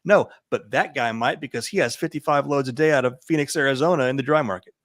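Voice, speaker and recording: A man as a podcast guest, explaining his points in a deliberate, emphatic way. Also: medium pitch, fairly bright tone, no room sound, studio quality. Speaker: podcast guest, event founder. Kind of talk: casual interview chat.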